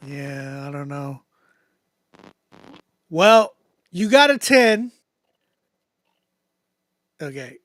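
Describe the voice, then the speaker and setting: A man hosting a live music critique stream, talking in a casual, animated way, often laughing and repeating himself. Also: fairly high pitch, extremely slow, long pauses, dry recording. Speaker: livestream host critiquing music.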